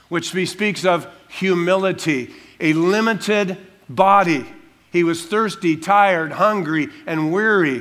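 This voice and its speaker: A man preaching an expository sermon as pastor, emphatic, slowing down to stress key words. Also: high-pitched, fairly bright tone.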